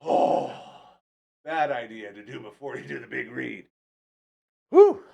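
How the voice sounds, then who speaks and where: A man's voice: medium pitch, a little slow, creaky, a little mellow, slightly rough. A man hosting a live podcast in a rambling, jokey, upbeat way. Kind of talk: casual live show chat.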